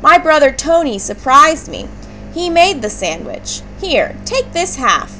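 A woman voicing a kind, helpful schoolgirl friend in a storybook reading, bright and reassuring. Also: high-pitched, very animated, a little slow, a little hiss or hum, voice pushed up, heavily acted. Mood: cheerful.

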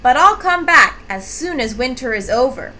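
A woman's voice: high voice, animated, normal speed, pushed and bright, a little hiss or hum. A woman voicing a friendly duck in a storybook, speaking cheerfully and plainly.

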